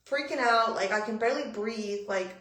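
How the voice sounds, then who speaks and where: A young woman vlogger telling a story to her live-stream viewers in an animated, profane, breathless way. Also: mid-range voice, normal speed. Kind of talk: casual storytelling. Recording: roomy echo.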